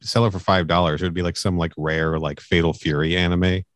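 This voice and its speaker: Very deep-voiced man, casual and dry. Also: level tone, fast talker, no room sound. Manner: laid-back storyteller, trails off with "you know?". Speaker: podcast co-host. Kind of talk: casual chat.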